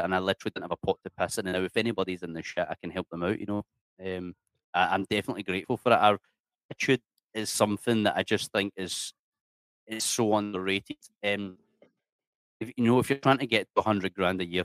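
A man's voice: fairly low pitch, no echo. Sweary man telling stories. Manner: swears freely, animated, many restarts. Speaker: guest. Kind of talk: casual storytelling interview.

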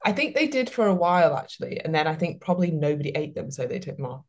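A woman's voice: sits low, sing-song, quick pace. A woman hosting a podcast, chatting casually with lots of "like" fillers and reading out listener questions. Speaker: podcast host.

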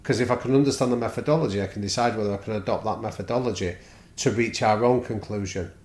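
A man's voice: lowish voice, fast. A man, a podcast guest who tells stories and acts out the people he quotes. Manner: animated storyteller, acts out quoted exchanges. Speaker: guest speaker on culture and leadership. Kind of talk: podcast conversation. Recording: roomy echo.

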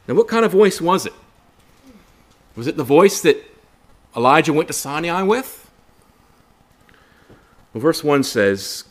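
Male Bible study preacher, earnest and rhetorical, with a lively voice that rises and sinks a lot. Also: on the high side, moderate pace, pauses often. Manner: earnest, rhetorical questions, repeats phrases for emphasis; addresses listeners as brothers and sisters.

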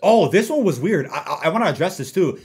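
A man's voice: sits high, animated, quick pace, slightly rough. A young man casually ranting and reading out viewer comments on a gaming livestream, laid-back and laughing often.

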